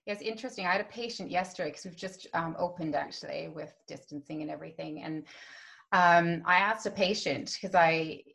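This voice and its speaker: A woman's voice: on the low side, a little fast, gravelly, fairly bright tone. A woman hosting an interview, chatty and loose, with many fillers. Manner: chatty, many ums and you-knows. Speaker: podcast host interviewing a chiropractor. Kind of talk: casual interview chat.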